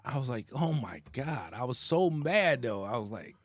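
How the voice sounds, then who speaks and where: A man's voice: medium pitch, moderate pace, no echo. A man co-hosting a casual bar-talk podcast, telling a story with lots of swearing and laughter. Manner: animated, profane, laughs through his story. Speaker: podcast co-host.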